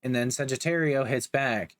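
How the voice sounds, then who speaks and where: A man's voice: mid-range voice, normal speed, a bit bright, no room sound. A young man giving a casual, joking recap of a manga, with slangy asides. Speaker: manga reviewer.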